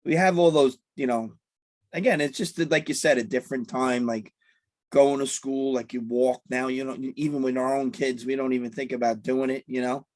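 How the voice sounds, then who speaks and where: A man's voice: medium pitch, fairly even intonation, normal speed, no echo. A man co-hosting a casual chat, talking easily and filling gaps with "you know". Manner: chatty, laughing, keeps saying "you know". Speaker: podcast co-host.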